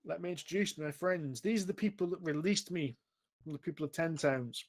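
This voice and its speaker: A man's voice: on the high side, fairly quick, darkish tone, voice pushed up. A man doing an earnest freed tribesman. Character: grateful freed male tribesman.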